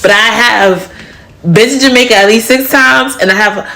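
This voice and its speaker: A woman's voice: fairly high pitch, moderate pace, vocal fry, sharp tone, rough recording. A woman from Nigeria chatting casually, rambling with lots of "like" and restarts. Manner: rambling, full of "like". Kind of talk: casual vlog chat.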